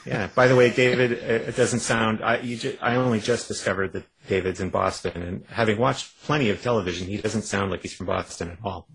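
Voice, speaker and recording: A man's voice: fairly low pitch, brisk, vocal fry, hardly any pauses, fairly bright tone, husky, rough recording. A man from Canada, an author being interviewed on a radio show, wry and self-deprecating, rambling with many restarts. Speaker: author guest.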